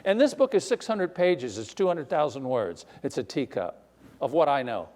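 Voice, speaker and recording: Older man, animated storyteller in a hall. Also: on the high side, normal speed. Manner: animated, self-deprecating storyteller with restarts. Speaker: author. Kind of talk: live author conversation on stage. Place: recital hall before an audience. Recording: long hall reverb.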